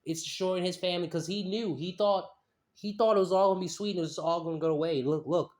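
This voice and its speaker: Brief: man, high voice, skeptical commentator who repeats himself while picking apart a statement. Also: steady tone, quick pace, a little mellow. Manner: repeats phrases, skeptical and mocking. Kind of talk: casual commentary reading a statement aloud.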